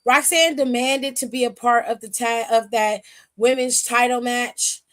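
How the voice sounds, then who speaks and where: On a stream, a woman with a high, bright-sitting voice gives a casual wrestling aftershow recap, blunt, sassy, and freely profane, throwing heated asides at the people she discusses. Her tone stays steady and her pace measured as she retells scenes by acting out both sides through her streaming mic.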